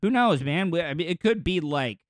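A man's voice: on the high side, animated, brisk, dry recording. A man hosting a podcast, riffing in rambling, crude jokes over news clips. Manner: rambling, crude joking asides. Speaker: podcast host. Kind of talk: casual comedic commentary over news clips.

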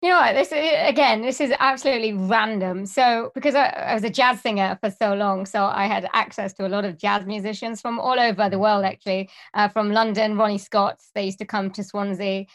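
A woman's voice: medium pitch, fairly even intonation, fairly quick, few pauses. A woman, a singer and presenter, talking as an interview guest in a chatty, projecting voice. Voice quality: big, projecting voice. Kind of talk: casual interview chat.

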